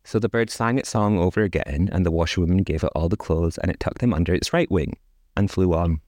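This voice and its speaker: A man reading an old folk tale aloud for a podcast, stopping often for wry, chuckling commentary. His voice sits low, and the recording is dry and close with no room sound. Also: fast talker, a little mellow, no echo. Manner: wry, chuckling, chatty asides. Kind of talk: casual storytelling with joking asides.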